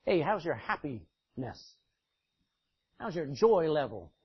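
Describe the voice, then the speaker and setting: A middle-aged man preaches a sermon in a high, husky voice, folksy and emphatic, rising to loud declarations and dropping to near-quiet asides. The recording sounds dull and lo-fi. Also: big pitch swings, takes it slowly.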